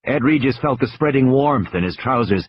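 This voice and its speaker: A man's voice: mid-range voice, lively intonation, moderate pace, breathy edge, dry recording, dull audio. A man narrating an audiobook with a tense, dramatic delivery.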